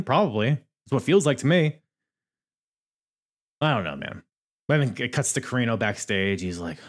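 A man's voice: on the low side, expressive, normal speed, pauses often. A man hosting a solo podcast, recapping in a laid-back, chatty, jokey way and laughing between remarks. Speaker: podcast host.

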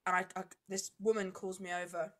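A woman co-hosting a podcast, telling a story in a casual, animated, sweary way with lots of laughter. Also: medium pitch, fairly quick. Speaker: podcast co-host.

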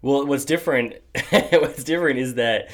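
A man's voice: medium pitch, moderate pace. A young adult man hosting a podcast in casual chat, rambling with many fillers and restarts and laughing often. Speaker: podcast host.

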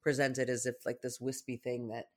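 Casting note: wry, calm co-host reading listener posts, mid pitch. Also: moderate pace. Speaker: podcast co-host. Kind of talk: casual chat.

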